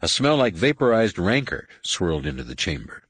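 A man narrating an audiobook with an expressive, varied delivery. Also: deep voice, normal speed, breathy edge, no echo. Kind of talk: scripted narration.

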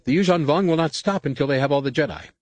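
A man's voice: on the high side, quick pace, no room sound, voice pushed up, lightly acted. A man voicing an agitated, insistent enemy captain. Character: agitated male starship captain, fearful, defiant.

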